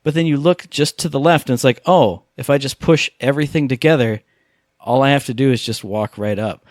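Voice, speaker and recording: Male podcast co-host, mid-range voice, dry close sound, excitable rambler. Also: mid-range voice, brisk, no room sound. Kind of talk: casual gaming chat.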